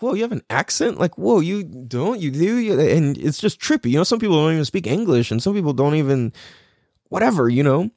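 A man's voice: fairly high pitch, darkish tone, dry recording, clean studio sound. A man casually telling rambling, profane stories, often laughing and mimicking other people's voices. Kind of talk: casual storytelling.

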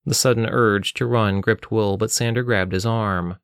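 Male storyteller, low voice, dry close recording. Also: steady tone, moderate pace, fairly bright tone, clear, resonant tone, dry recording. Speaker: narrator. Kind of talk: reading a story aloud.

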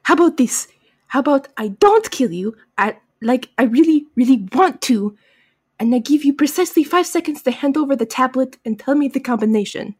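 A woman playing a furious, pompous ancient pharaoh who shouts threats. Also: sits high, lively intonation, fairly quick, breathy edge. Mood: furious threatening. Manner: shouting threats in a put-on accent.

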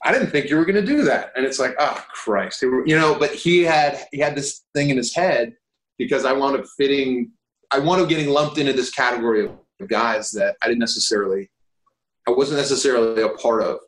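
Animated man in a roomy space. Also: medium pitch, brisk. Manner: animated, swears, acts out quoted voices. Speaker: guest actor. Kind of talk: casual interview storytelling.

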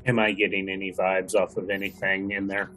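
A man playing in a casual tabletop game, asking quick, matter-of-fact questions. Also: low voice, monotone, fairly bright tone, low-quality recording. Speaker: player.

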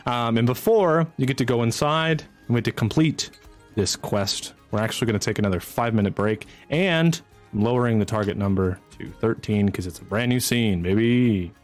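A man narrating as game master of a streamed tabletop game, energetic and chatty, swinging into excited whoops. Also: medium pitch, fairly quick, soft background music.

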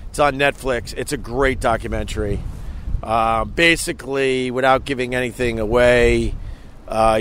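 A man's voice: medium pitch, fairly bright tone. A middle-aged man hosting a casual livestream outdoors on a beach at sunset, rambling and chuckling as he reads viewer comments. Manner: rambling, chuckling, loose and profane. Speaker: livestream host. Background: wind and faint outdoor noise.

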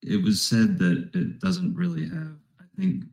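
A man's voice: on the high side, very animated, a little slow, a little mellow, echoey room, rough recording. A man in his twenties in casual podcast chat, thoughtful and easygoing, sounding stuffed-up like he has a cold. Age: 20s. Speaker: podcast co-host.

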